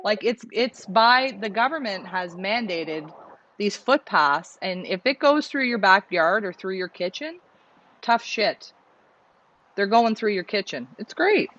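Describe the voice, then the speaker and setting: A woman's voice: medium pitch, expressive, a little slow, a bit bright. A woman from Canada co-hosting a live stream, chatting and reading out viewer comments. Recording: dry, dull lo-fi stream audio.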